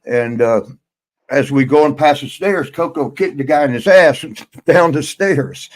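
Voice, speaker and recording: A man hosting a podcast, telling a rambling story in a casual, halting way and chuckling as he goes. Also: on the high side, low-quality recording. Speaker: podcast host.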